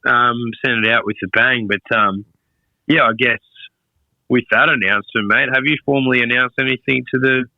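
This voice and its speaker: A man's voice: mid-range voice, steady tone, normal speed, creaky, dry recording, lo-fi sound. A sick man co-hosting a horse racing podcast from a remote line, easygoing and hesitant with plenty of ums. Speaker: podcast co-host. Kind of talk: casual racing podcast chat.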